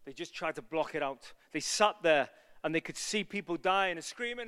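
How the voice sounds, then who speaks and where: A man preaching an evangelistic sermon, telling a story and building to loud, passionate appeals. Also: on the high side, lively intonation, normal speed, clean tone, in a large hall.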